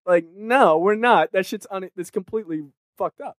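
Male podcast co-host, animated and profane, slightly high voice, dry close sound. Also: normal speed, dry recording. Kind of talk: casual film podcast discussion.

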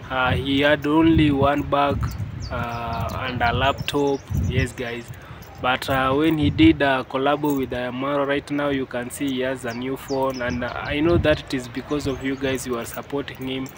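A man's voice: mid-range voice, steady tone, moderate pace. A Kenyan man narrating a casual village vlog outdoors, hesitant with many fillers and frequent "yes, guys". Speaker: vlogger. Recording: clear outdoor background noise.

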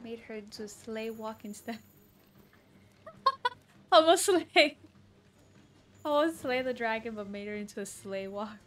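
A woman streamer reacting to a game she is playing, full of excitable yelps, exclamations and giggles. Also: fairly high pitch, a little slow, long pauses. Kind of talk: live gameplay commentary.

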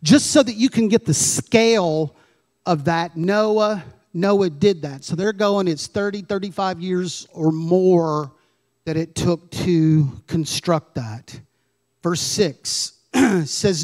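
Unhurried high-voiced male pastor. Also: darkish tone. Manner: conversational preaching with asides and rhetorical questions. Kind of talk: sermon. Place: church.

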